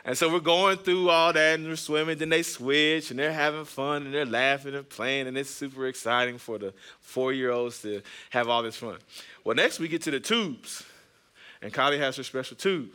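Man, pastor, thirties, chatty storytelling sermon, bright tense tone. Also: medium pitch, moderate pace, clear, resonant tone. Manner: chatty, jokes with the congregation. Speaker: pastor and podcast host. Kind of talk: conversational sermon with personal stories.

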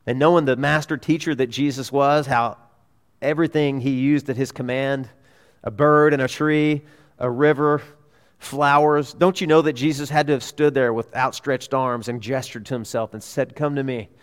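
A mid-pitched man delivers a sermon from a pulpit, earnest and emphatic. His voice swells on key pleas and drops to near-quiet asides. The sound carries the long reverb of a church sanctuary. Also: fairly even intonation, moderate pace, clear, resonant tone. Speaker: pastor.

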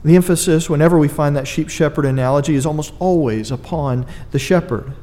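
A man's voice: fairly high pitch, a little fast, warm tone, long reverb tail. A man preaching a sermon, earnest and emphatic, with dry asides to his congregation. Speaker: pastor.

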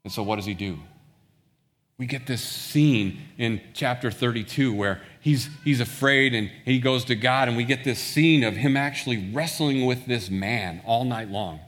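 A man's voice: mid-range voice, normal speed, a bit bright. Man preaching in an echoing hall. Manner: retells scripture story, acting out voices of characters. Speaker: pastor. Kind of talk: sermon. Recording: long reverb of a large hall.

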